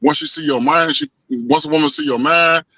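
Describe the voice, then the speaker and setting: A man telling a story in casual chat, animated and profane, acting out the voices of the people in it. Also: fairly high pitch, a little fast, rough recording. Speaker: podcast co-host.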